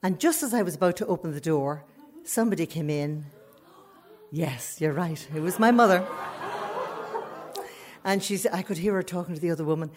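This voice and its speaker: An Irish woman telling a frank, animated personal story on stage, laughing often as she goes. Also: on the low side, normal speed, long pauses. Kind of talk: live storytelling to an audience.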